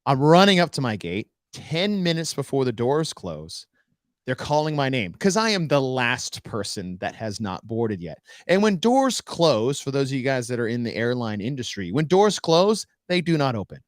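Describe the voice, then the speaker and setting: Podcast co-host, male, animated storyteller who voices the people in his story, dry close mic. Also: medium pitch, normal speed, dry recording. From United States. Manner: animated storyteller acting out dialogue. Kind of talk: casual storytelling chat.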